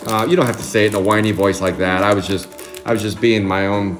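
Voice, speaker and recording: A man hosting a live trading card break, chatting excitably and calling out card names. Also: lowish voice, fast talker, soft background music.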